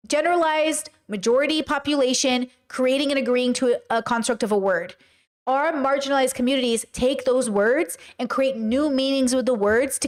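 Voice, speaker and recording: A woman hosting a podcast, talking casually and reacting to a video and her live chat, animated and often slipping into mocking voices. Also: high voice.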